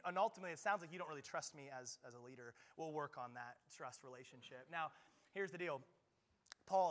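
A male pastor preaching a lively sermon at a church service, playful and joking with frequent quick restarts. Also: a little high. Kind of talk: lively sermon with audience play.

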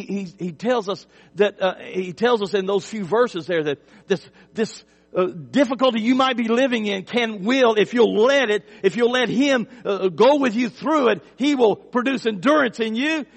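A male pastor preaching a sermon, telling stories in a conversational way, with emphatic swells and quiet drops. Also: high voice, gravelly, big-room sound. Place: church sanctuary.

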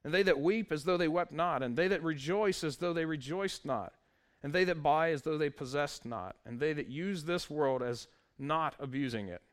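Man preaching a lively sermon. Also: fairly high pitch, moderate pace, few pauses. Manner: lively preaching, reads scripture, wry asides. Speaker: pastor.

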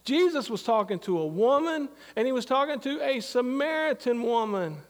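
A man's voice: very high-pitched, animated, normal speed, in a large hall. A middle-aged man preaching a sermon, talking in a conversational, anecdotal way full of asides. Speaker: pastor.

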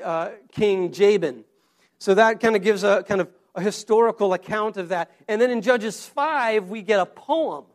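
A man with a rather high voice preaches a sermon. He speaks like he is chatting with the congregation, starting phrases over and doubling words as he searches for them. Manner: conversational, repeats words and restarts often. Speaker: pastor.

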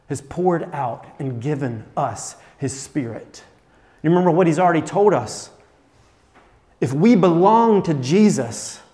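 A man preaching a sermon as pastor, earnest, dropping to soft tones and then rising to emphatic points. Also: on the high side, big-room sound.

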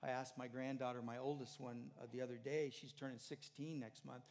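An older man preaches in a relaxed, conversational way, now pressing a point hard, now dropping almost to a murmur. His mid-pitched voice trails off into a long church reverb. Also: fairly quick. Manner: conversational preaching, rising to emphatic then dropping soft. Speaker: pastor. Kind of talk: sermon. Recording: hall reverb.

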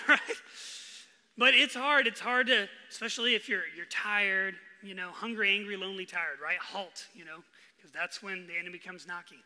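A young man preaching a sermon, telling stories in an animated way and acting out his own frustration loudly. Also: high-pitched, normal speed. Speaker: pastor. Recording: long reverb of a large hall.

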